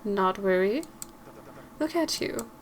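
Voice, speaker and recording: A woman voicing a gentle, polite young man while reading a visual novel aloud, in a calm, soothing manner. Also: mid-range voice, slow, slight background noise.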